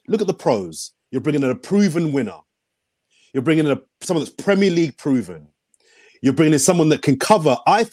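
A man making his case with emphatic passion, his pitch leaping up and down as he talks. The sound is dry and close, with no room around it. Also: darkish tone, no room sound. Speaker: podcast panelist. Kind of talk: casual chat.

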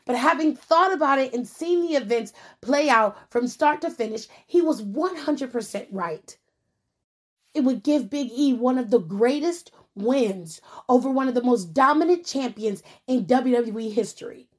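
A woman's voice: sits high, expressive, moderate pace. Sassy, profane woman vlogger. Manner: blunt, profane and sassy, with laughs. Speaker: wrestling commentary vlogger. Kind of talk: casual unscripted commentary.

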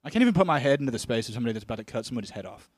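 A man's voice: mid-range voice, very animated, very fast, no room sound. A man co-hosting a casual podcast, rambling through stories with lots of swearing, close on a podcast mic. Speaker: podcast co-host. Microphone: studio podcast mic.

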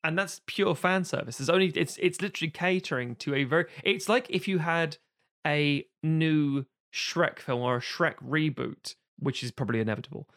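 A man co-hosting a film podcast in casual chat, animated and given to sudden exaggerated quoted voices. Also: fairly high pitch, moderate pace. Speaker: podcast co-host.

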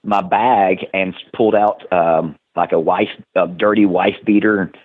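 A man's voice: low-pitched, steady tone, measured pace. A man with a Southern US accent, telling rambling stories as a guest in a casual interview, laughing often. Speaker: wrestler guest. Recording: tinny phone-like line.

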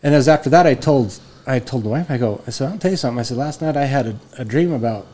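A man in his forties telling a long rambling story on a podcast in a casual, animated way, full of restarts. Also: medium pitch, fast talker. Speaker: podcast host.

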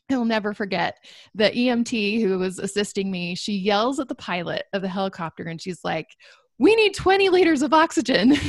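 A young woman with a medium-pitched voice, recorded at studio quality with no room sound, appears as a guest telling her story. Her personal testimony is earnest and reflective, with light laughs between lines.

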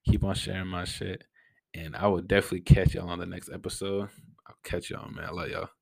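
A man's voice: low-pitched, level tone, fairly quick, creaky, darkish tone, no room sound. A young man hosting his own podcast, talking in a laid-back, slangy, rambling way, with a stutter. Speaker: podcast host. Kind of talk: casual solo podcast talk.

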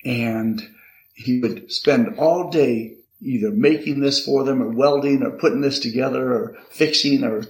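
Older male guest, gravelly voice, halting reflective delivery, echoey room. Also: medium pitch. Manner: halting and reflective, often repeating words. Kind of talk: conversational interview. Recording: roomy echo.

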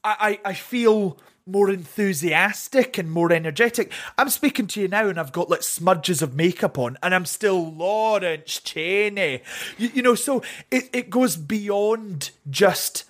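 A lively young man talks openly as an interview guest, his chatty delivery tripping over repeated words as he rushes ahead. He keeps slipping into quick mimicking voices to act out other people's lines. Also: high-pitched. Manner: animated and chatty, often stammering on repeated words. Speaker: interview guest, drag performer. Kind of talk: candid conversational interview.

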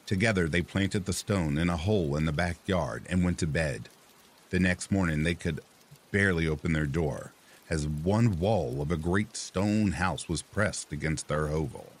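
A man narrating a folk tale in a measured, expressive reading. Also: deep voice. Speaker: storyteller. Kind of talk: scripted storybook narration.

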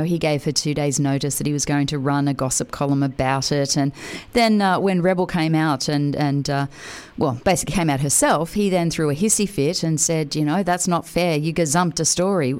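A woman with a very low voice hosts a casual radio interview. She talks in an easy, conversational way, often pausing on fillers. Her questions to her guest stay relaxed and chatty. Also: clear, resonant tone. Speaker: radio host.

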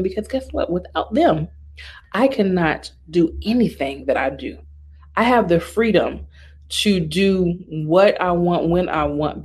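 A woman's voice: fairly low pitch, breathy edge. A woman and makeup artist ranting casually and sassily to her viewers. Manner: animated, sassy, talks straight to the viewer. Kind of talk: casual opinion rant.

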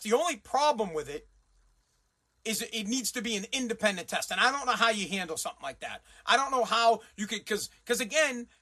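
Brash high-voiced man ranting bluntly. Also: bright, forceful tone. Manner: blunt, sarcastic, swears freely. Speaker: commentary show host. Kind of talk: ranting political commentary.

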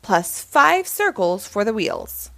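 A woman's voice: medium pitch, big pitch swings, takes it slowly, gravelly, sharp tone, dry recording, full character voice. A woman voicing an eager cartoon boy in a children's storybook, sounding upbeat and helpful. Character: eager cartoon boy who builds things.

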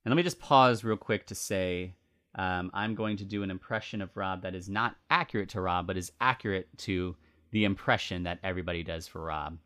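A low-pitched man with a bright, forward tone tells a story on his faith podcast. He talks in an earnest, reflective way and pauses for fillers and restarts. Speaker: podcast host.

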